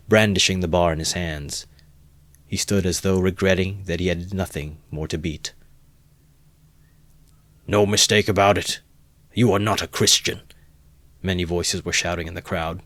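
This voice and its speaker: A man narrating a classic novel in a steady, measured amateur audiobook reading. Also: low voice, no room sound.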